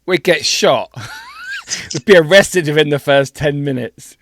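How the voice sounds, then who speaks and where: A man's voice: on the high side, wildly swooping pitch, takes it slowly, a bit bright, no echo, studio quality. A man co-hosting a podcast in casual banter. He is blunt and sweary and laughs easily. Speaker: podcast co-host.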